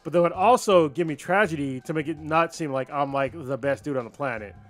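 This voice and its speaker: Guy on a podcast telling a wild story, swears a lot, acts out the voices, kinda high voice, faint music under it. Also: a little fast. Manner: profane, animated storyteller who acts out the characters' lines. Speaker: podcast co-host. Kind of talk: casual chat, retelling a story.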